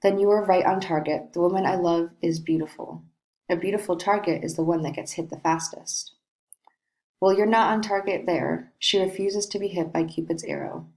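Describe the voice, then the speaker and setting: A woman reading the part of a brooding, lovesick young nobleman in a play, in a slow, dreamy way. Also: lowish voice, darkish tone, close to an everyday voice, rough recording.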